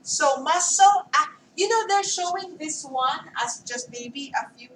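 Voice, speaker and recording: High-voiced woman lecturing in a roomy classroom. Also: lively intonation, unhurried, a bit bright, a little hiss or hum. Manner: checks often with "okay?" and quizzes students. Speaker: anatomy lecturer. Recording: roomy classroom mic from far off.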